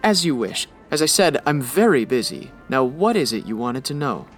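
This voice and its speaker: A woman's voice: a bass voice, very animated, moderate pace, soft background music, voice pushed down. A woman voicing a curt, haughty male floorwalker in 1940s radio style. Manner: curt, impatient, dismissive.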